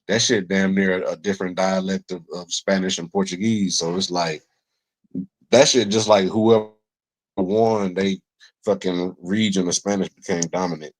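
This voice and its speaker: A man's voice: low-pitched, fairly even intonation, moderate pace. A man explaining at length in casual podcast chat, rambling and profane with many fillers. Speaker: podcast co-host.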